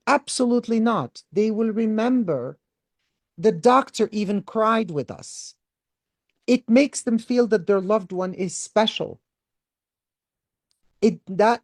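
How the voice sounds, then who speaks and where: A woman's voice: mid-range voice, darkish tone, no echo. A middle-aged woman doctor teaching medical students in an online session, talking in an earnest, personal way and dropping in Arabic words.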